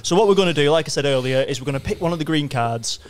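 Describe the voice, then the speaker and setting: A man hosts a comedy podcast, steadily probing with one question after another. His voice sits a little high for a man. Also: animated, very fast, smooth. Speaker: host.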